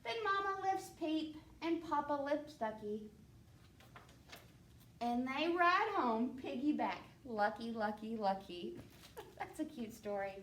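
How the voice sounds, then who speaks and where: A woman librarian reading a children's picture book aloud in a playful, animated way, with sound effects. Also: sits high, a little slow, slight background noise. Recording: echoey room, mic at a distance.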